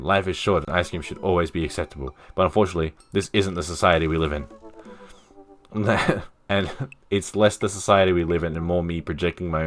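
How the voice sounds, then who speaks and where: Somewhat bright yet sitting low, a man's voice carries casual let's-play commentary as he streams a dating game, reading its dialogue with playful, self-mocking remarks.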